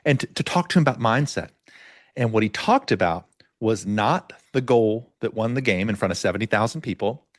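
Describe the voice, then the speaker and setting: A middle-aged podcast host with a lowish voice tells a story animatedly, acting out the voices and quoted dialogue of the people in it. He talks a little fast in a casual podcast conversation. The recording is dry and studio quality.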